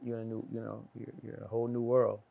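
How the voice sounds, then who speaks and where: A middle-aged man telling a story in casual chat, acting out the voices of the people in it and swinging loud and high. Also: monotone, very fast, gravelly, narrow, tinny audio. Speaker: guest.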